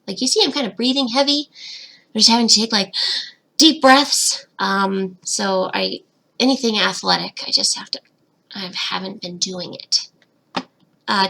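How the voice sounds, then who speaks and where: A woman's voice: on the high side, gravelly, bright, forceful tone. A young woman hosting a casual livestream Q&A, reading chat comments aloud and giggling, her voice slightly cracking, into a webcam at home. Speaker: fish-keeping channel host, betta breeder.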